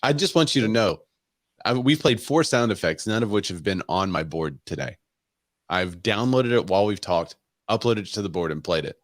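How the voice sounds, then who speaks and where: A man's voice: fairly low pitch, lively intonation, normal speed, no room sound, clean studio sound. A man co-hosting a casual real estate podcast, reading news and making wry, sarcastic asides. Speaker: podcast co-host.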